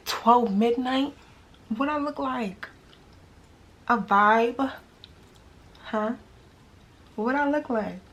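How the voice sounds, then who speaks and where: A young woman with a New York accent telling a dating story casually to her viewers, slangy and full of rhetorical questions. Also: mid-range voice.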